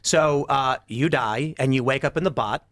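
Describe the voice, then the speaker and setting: A man's voice: medium pitch, moderate pace, fairly bright tone, no room sound, clean studio sound. A man hosting a podcast, spinning playful hypothetical stories in casual chat. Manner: playful storyteller, acts out voices. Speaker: podcast host.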